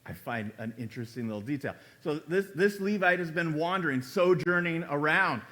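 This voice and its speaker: A male pastor preaching a conversational sermon in a church, acting out quoted lines with sudden jumps in pitch and loudness. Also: lively intonation, brisk. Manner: conversational preaching, acts out quoted dialogue with big pitch swings.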